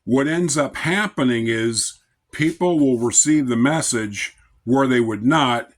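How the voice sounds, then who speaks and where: Male lay preacher, average pitch, unhurried and even-tempered, speaks plainly and conversationally. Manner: calm, measured, conversational. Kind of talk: informal devotional talk.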